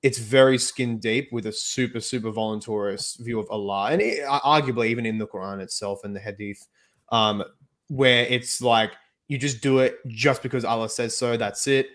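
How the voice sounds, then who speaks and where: A man's voice: mid-range voice, fairly even intonation, normal speed, a bit bright. Opinionated man in casual discussion. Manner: opinionated, emphatic.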